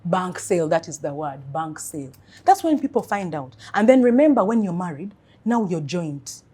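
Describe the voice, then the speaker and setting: Female financial coach, husky, earnest interview delivery. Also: lowish voice, moderate pace. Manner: earnest, animated storytelling. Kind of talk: interview advice talk.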